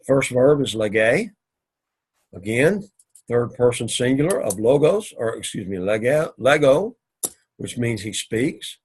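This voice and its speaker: Husky man lecturing on Greek grammar. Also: medium pitch. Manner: patient, drawn-out explaining with many "all righty"s and restarts. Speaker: Greek teacher. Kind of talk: recorded classroom lecture.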